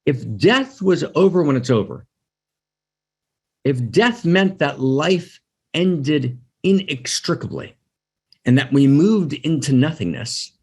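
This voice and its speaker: A man's voice: a little high, animated, takes it slowly, breathy edge. A man giving an emphatic spiritual teaching talk, repeating his phrases and often checking in with "right?".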